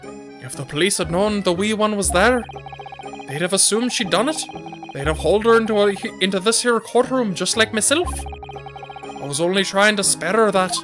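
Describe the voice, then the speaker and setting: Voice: mid-range voice, moderate pace, pitched above the performer's own voice, close to an everyday voice. A streamer voicing a boastful middle-aged Irish witness with a put-on Irish brogue and folksy turns of phrase. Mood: blustering. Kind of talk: reading game dialogue aloud on stream. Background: game music.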